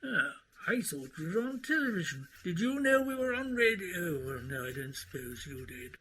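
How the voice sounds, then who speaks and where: A theatrical, fussy quiz host in a radio comedy. His voice is high and very bright. His pitch swoops up and down. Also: very animated, normal speed, heavily acted. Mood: flustered. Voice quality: pompous, theatrical.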